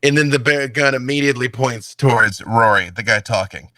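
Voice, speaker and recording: A man running a tabletop role-playing game as game master, narrating the scene with lively storytelling. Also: mid-range voice, fairly quick, hardly any pauses, dry recording.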